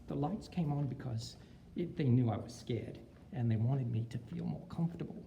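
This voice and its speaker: A man's voice: medium pitch, moderate pace, gravelly, mellow, dull audio, a little hiss or hum. A male teacher from Texas, putting on an Australian accent, gives a playful walking tour of his school with jokey asides. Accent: put-on Australian accent. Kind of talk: walking video tour narration. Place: empty school hallways and rooms, indoors. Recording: echoey hallways, faint ambience.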